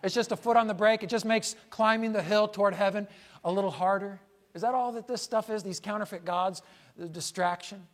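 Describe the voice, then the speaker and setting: This pastor's voice sits high as he briskly preaches, repeating himself for emphasis. Rhetorical questions punctuate the sermon, and he alternates between loud declarations and hushed asides.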